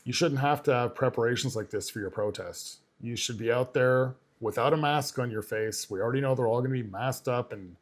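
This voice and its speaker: A man hosts a commentary video in a casual, dismissive tone. He uses plenty of loose filler words. His voice sits at an ordinary middle pitch. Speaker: commentary channel host. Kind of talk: political commentary.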